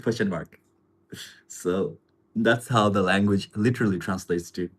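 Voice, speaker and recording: Deep, slightly husky man, laid-back livestream host, rambling and chuckly. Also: a little slow. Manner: relaxed, rambling, chuckles often, many fillers. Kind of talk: casual live chat answering viewer comments.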